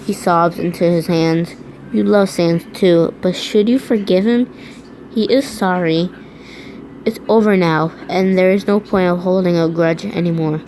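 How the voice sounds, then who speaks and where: A woman's voice: on the low side, steady tone, measured pace, darkish tone, a little hiss or hum, rough recording. A woman reading fan fiction aloud, often stumbling over words and restarting lines. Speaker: reader.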